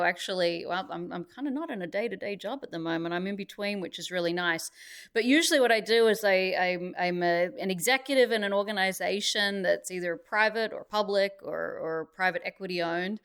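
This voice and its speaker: A woman's voice: medium pitch, normal speed, a bit bright, clean tone. A middle-aged woman from Australia with an Australian accent, chatting cheerfully as a guest in an interview. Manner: cheerful, chatty, laughs easily. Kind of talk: casual interview. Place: busy event venue.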